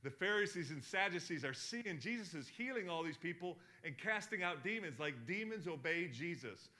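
Bright-voiced man preaching a sermon. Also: high-pitched, normal speed. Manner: animated, swings from hushed to loud; asks the congregation questions. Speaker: pastor.

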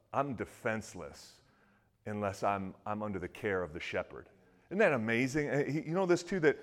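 A man preaching a sermon in a casual, conversational way, asking his listeners questions and dropping low and quiet when he quotes. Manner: conversational, asks the audience questions. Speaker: pastor.

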